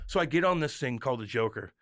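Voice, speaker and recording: A man in his thirties from the St. Louis area, co-hosting a podcast and telling an animated story full of swearing and acted-out yells. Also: medium pitch, fast, no room sound, studio quality. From St. Louis area, USA. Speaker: podcast co-host. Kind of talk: casual podcast chat.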